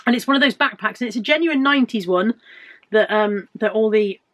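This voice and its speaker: A woman's voice: on the high side, fairly quick, a bit bright. A woman in her fifties with a British accent, chatting casually and joking at her own expense as she shows off her finds. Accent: British English. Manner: chatty, self-mocking humour. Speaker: reseller vlogger. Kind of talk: casual chat.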